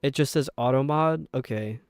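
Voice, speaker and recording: A young man with a New York accent chatting casually with viewers while streaming, rambling and sounding out words slowly. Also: medium pitch, darkish tone, dry recording. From upstate New York. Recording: dry close mic with faint game music.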